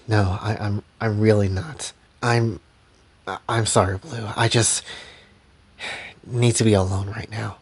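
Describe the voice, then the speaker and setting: A man voicing a heartbroken young woman who stammers quietly through tears. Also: fairly low pitch, steady tone, breathy edge, full character voice. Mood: tearful. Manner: halting, stammering, subdued.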